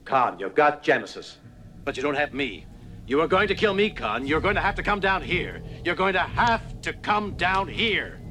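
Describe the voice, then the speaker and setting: An actor playing a defiant, furious starship captain who shouts challenges at his enemy in a film clip. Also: on the high side, very animated, normal speed. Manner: shouting, wildly theatrical. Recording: film clip with loud score. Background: dramatic film music.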